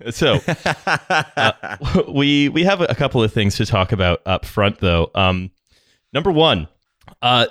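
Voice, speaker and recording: A man's voice: medium pitch, fairly bright tone, no echo. A man hosting a podcast in casual chat, riffing sarcastically with dry humor. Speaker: podcast host.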